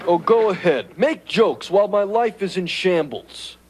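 A man voicing a wisecracking, self-pitying male alien in a 1980s sitcom, gravelly and nasal, sarcastic and melodramatic. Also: high voice, expressive, a little slow, exaggerated voice. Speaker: sitcom character. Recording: noisy TV audio with studio laughter.

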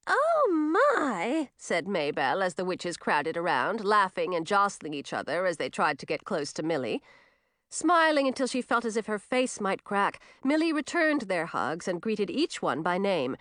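A woman reads a storybook aloud with an expressive, animated delivery. Her pitch moves lively through each phrase, and the recording is close and dry. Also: normal speed, no room sound. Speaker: narrator. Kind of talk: storybook narration.

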